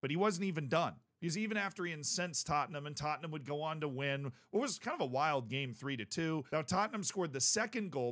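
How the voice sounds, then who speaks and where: A man giving casual sports commentary as a YouTube host, telling the story in a joking, animated way and working himself up as he goes. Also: on the high side.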